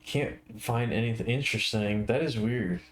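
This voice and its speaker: A tired man chatting casually on a live art stream, with a slow, drowsy, stoner-like drawl. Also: medium pitch, a little hiss or hum.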